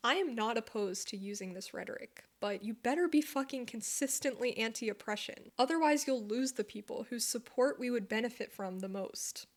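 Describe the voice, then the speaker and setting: Woman, commentary vlogger, blunt, argumentative, swears, pitched a bit high. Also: moderate pace, few pauses. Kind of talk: scripted commentary.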